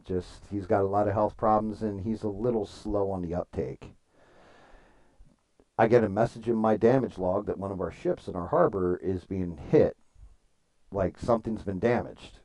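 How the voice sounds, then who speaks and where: A man's voice: fairly low pitch, moderate pace, mellow. A man streaming and chatting casually, telling rambling stories, swearing freely and answering viewers' comments. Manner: rambling storytelling, swears freely, reads chat aloud. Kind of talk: casual livestream chat.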